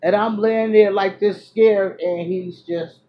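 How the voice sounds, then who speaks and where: A woman vlogger telling a personal story to her viewers, loud one moment and hushed the next, full of fillers and restarts. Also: mid-range voice, takes it slowly, highs cut off. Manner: animated, drifts between loud exclamations and hushed asides; chatty, many fillers and restarts.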